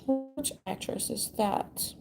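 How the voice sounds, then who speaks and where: A woman's voice: sits high, slow pace, creaky, over music. A woman vlogger ranting in a meandering, profane, slangy way. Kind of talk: rambling casual rant.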